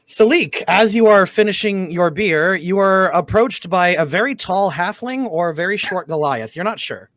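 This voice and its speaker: A man narrates a comedy tabletop game as its dungeon master, quick to laugh and quick to slip into character accents. His voice sits a little high, and it is recorded close and dry, with no room around it. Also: expressive, fairly bright tone, no echo. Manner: laughs often, voices NPCs in shifting accents.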